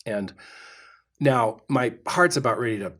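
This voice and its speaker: A middle-aged man co-hosting a podcast, telling a story with animated, dramatic delivery. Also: mid-range voice, measured pace. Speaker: podcast co-host. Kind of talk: storytelling chat.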